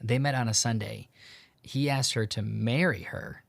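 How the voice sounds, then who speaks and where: A young man hosting a podcast, retelling a story in a relaxed, casual way with lots of fillers and quoted dialogue. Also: mid-range voice, normal speed, vocal fry, no room sound. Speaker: podcast host. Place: home in Tucson.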